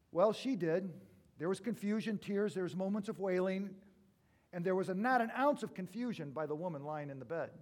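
A male pastor preaching a sermon, telling stories with big swings from loud to hushed. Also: sits high.

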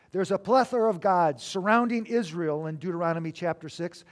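A man preaching a sermon as a pastor, emphatic, with sudden swings between loud declarations and quiet asides. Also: sits high, brisk, few pauses.

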